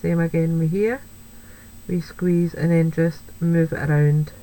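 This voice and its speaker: A woman's voice: sits low, fairly even intonation, unhurried, mellow, poor audio. A woman chatting through a card-making tutorial, thinking aloud as she works and making light of her own slips. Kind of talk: craft tutorial, talking while working.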